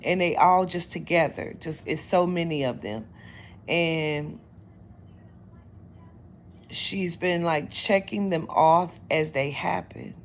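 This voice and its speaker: A woman reader chatting casually to her viewers, blunt and profane, retelling her day with lively quoted dialogue. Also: on the low side, takes it slowly, pauses often, slight background noise. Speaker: spiritual reader. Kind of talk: casual storytelling to camera.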